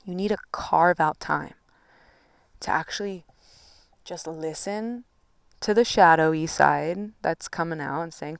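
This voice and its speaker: A woman with a low, gravelly voice talks through a relaxed spiritual pep talk. Her speech is loose and full of fillers and casual swearing. The sound is close and dry, with no room behind it. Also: a little slow, long pauses, no room sound. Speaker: spiritual coach. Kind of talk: casual motivational monologue.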